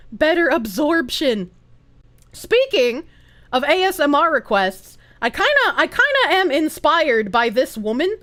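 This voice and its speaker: Very high-voiced giggly woman streamer. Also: a little slow. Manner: giggly, swears freely, animated reactions. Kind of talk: casual stream reaction chat. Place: room with echo dampeners.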